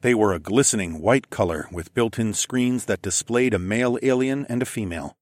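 A man's voice: fairly low pitch, a little fast, no room sound, clean studio sound. A man reading a first-person story aloud in a casual, wry tone. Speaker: narrator.

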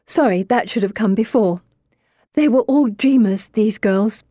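A woman's voice: on the high side, a little slow, warm tone, no echo, studio quality, pitched above the performer's own voice. A woman voicing a mysterious teenage girl who tells a ghost story in a teasing, ominous way.

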